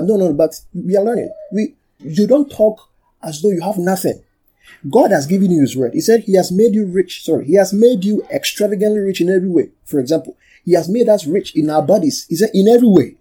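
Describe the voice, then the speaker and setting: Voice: medium pitch, lively intonation, brisk, mellow, breathy edge. A pastor preaching and teaching from the Bible, repeating key phrases for emphasis, calling for amens and asking the congregation to read aloud. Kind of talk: sermon and Bible study.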